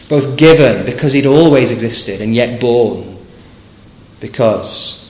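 A man's voice: mid-range voice, slow pace, reverberant, rough recording. A man preaching a sermon, emphatic and fervent, often asking rhetorical questions of his listeners. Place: church.

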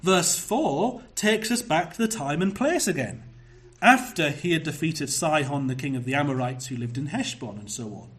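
A pastor preaching a sermon, measured and emphatic, slowing down to stress key phrases. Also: male voice, fairly high pitch, animated, a bit bright.

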